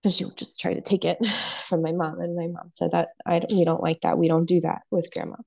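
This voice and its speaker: Podcast guest: woman, 30s, earnest storyteller, low dark voice with a gravelly edge. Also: little pitch movement, fairly quick. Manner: earnest, explains with stories and frequent laughs. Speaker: podcast guest, palliative nurse practitioner. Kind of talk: candid conversational interview.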